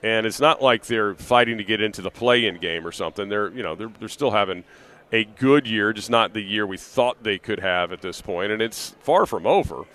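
A man's voice: lowish voice, normal speed, bright, forceful tone. A man hosting a live sports talk radio show from an arena, talking casually with plenty of fillers and restarts. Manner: conversational, rambling with fillers and restarts.

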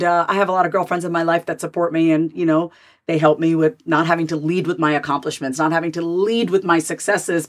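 A woman in her forties, a podcast guest, telling her own story candidly and lively, jumping up and down in pitch as she replays her old thoughts. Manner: animated, swings pitch widely to act out her own past thoughts.

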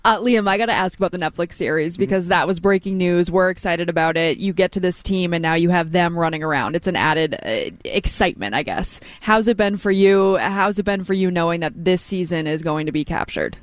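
A man's voice: high-pitched, fairly quick, hardly any pauses, no echo. A man co-hosting sports radio, asking an upbeat, direct question. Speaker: radio co-host. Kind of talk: live sports radio interview.

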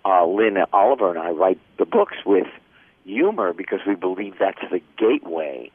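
An older man chats as a guest and drifts into jokey stories in a casual way. His voice sits low and comes through a tinny phone line that sounds dry and close. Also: lively intonation, normal speed, breathy edge, no room sound. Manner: chatty, jokey storyteller. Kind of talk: casual chat.

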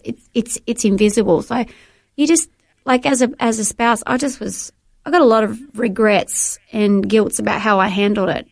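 An Australian woman in middle age recounts her testimony in a heartfelt, halting way, circling back and restarting as she speaks. Her voice carries a noticeable gravelly fry. The sound is dry and close to the mic. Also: medium pitch, fairly even intonation, darkish tone, no echo. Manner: earnest, emotional, halting with repeated restarts. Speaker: guest. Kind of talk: personal testimony in a faith interview.

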